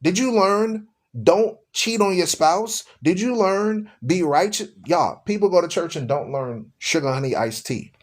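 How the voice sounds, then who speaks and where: A man's voice: high voice, animated, unhurried. A man hosting a live-streamed show, preaching emphatically with rhetorical questions, mockery and scripture read aloud. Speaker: host.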